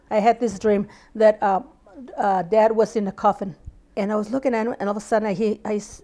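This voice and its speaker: A woman in her sixties from South Texas, telling family stories in an oral history interview and acting out the voices in them. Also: medium pitch. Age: 60s. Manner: animated storyteller who acts out dialogue.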